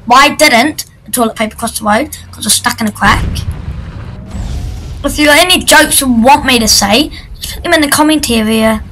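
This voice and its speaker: A woman's voice: high voice, moderate pace, pushed and bright, slight background noise, poor audio. A woman giving casual, jokey commentary while playing a video game, chatting and shrieking at events in the game. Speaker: gaming video creator. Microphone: computer microphone.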